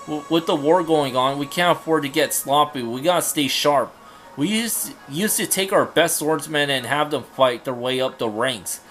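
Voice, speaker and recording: A man's voice: fairly high pitch, normal speed, faint music behind, natural voice. A man voicing a brash, boastful young male samurai retainer in a fan dub of game dialogue. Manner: loud, boastful, blunt.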